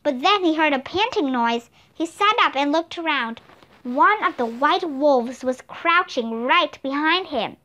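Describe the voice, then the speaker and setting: A woman narrates a children's storybook in a high, bright voice. Her reading is steady and expressive. Each sentence is clearly shaped for young listeners. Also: a little slow. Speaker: audiobook reader.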